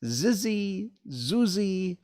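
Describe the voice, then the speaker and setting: A man playing an earnest, eager young girl in a storybook reading, the voice lifted above his own and swinging expressively. The reading stays slow and careful. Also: high-pitched, very animated, darkish tone, voice pushed up, exaggerated voice. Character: young girl lost on a long journey. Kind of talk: storybook read-aloud.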